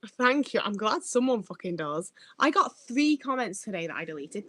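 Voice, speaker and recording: A woman's voice: on the high side, very animated, fairly quick, bright, forceful tone, no room sound. A young woman from the north of England, chatting bluntly and swearing freely as she reads out comments on her livestream. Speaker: livestream host. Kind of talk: casual livestream chat reading comments.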